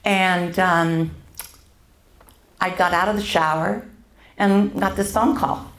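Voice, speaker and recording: Older woman, church testimony, unhurried and halting, roomy echoey church hall. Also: lowish voice, fairly even intonation, a bit bright. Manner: halting, with many pauses and fillers. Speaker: church member sharing her testimony. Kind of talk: personal faith testimony.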